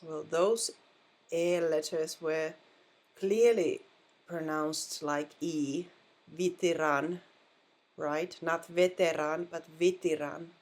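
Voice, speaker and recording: A woman's voice: low voice, steady tone, slow, darkish tone. A woman with a Finnish accent, patiently explaining pronunciation in a language lesson and repeating words to model them. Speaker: language teacher.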